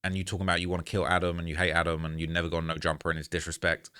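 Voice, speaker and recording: A low, clear, resonant voice with a sharp tone delivers this story very fast and in a monotone. The man is a YouTuber talking to camera in a casual, rambling monologue, earnest and frustrated, often saying "man" and "bro."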